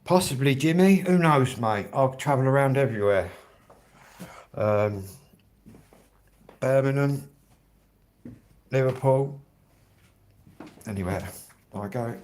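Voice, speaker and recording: A middle-aged livestream host from Kent, England rambles casually to his viewers, his talk full of fillers. His voice is mid-range and expressive, and he speaks slowly with frequent pauses.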